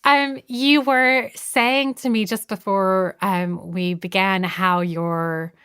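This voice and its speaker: Smooth-voiced woman interviewer. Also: medium pitch, steady tone, takes it slowly, fairly bright tone. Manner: curious and encouraging, asks follow-up questions.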